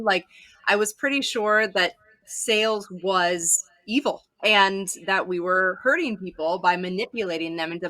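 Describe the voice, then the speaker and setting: An enthusiastic woman guest talks about sales coaching with emphatic passion. Her voice is bright and crisp, set at an ordinary pitch. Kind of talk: conversational interview.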